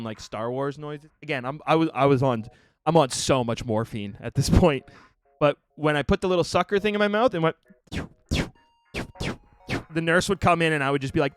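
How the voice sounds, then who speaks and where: A man streamer telling a story in casual talk to his viewers, animated and profane, acting out the people in it. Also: brisk, smooth, soft background music. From Canada. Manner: animated, profane, mimics the doctor in raised pitch.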